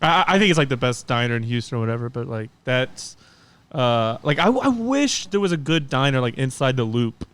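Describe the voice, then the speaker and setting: A man who is a regular podcast guest, talking in casual chat in a halting way and often repeating his words. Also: medium pitch, expressive, a bit bright, smooth.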